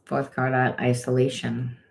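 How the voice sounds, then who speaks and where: A woman's voice: very deep voice, flat delivery, measured pace, gravelly, a little mellow, a little hiss or hum, rough recording. A middle-aged woman talks her way through a tarot reading in a loose, casual flow. She is blunt and frank, piles up fillers and restarts, and swears now and then as she explains. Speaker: tarot reader and trauma coach.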